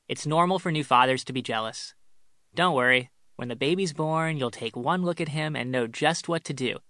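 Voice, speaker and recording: A bossy middle-aged mother-in-law, as a male narrator puts her on, teasing in a lilting sing-song. The voice sits a little higher and bright, recorded close and dry with no room sound. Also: normal speed, no echo. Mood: soothing.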